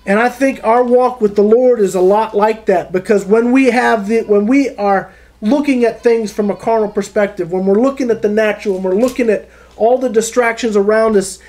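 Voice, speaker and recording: A man's voice: sits high, moderate pace, a little mellow, rough recording. A man preaching an informal sermon at a small home fellowship, telling a story in a conversational way and speaking to a listener by name. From South Carolina. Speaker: pastor.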